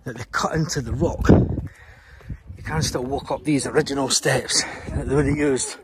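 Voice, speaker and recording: A man's voice: medium pitch, fairly even intonation, normal speed. A Scottish man giving a chatty walking tour of a castle, out of breath from the climb uphill. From Scotland. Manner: chatty, pointing things out while walking uphill. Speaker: travel vlogger. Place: outdoors on a hilltop castle. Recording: outdoor vlog with clear background noise.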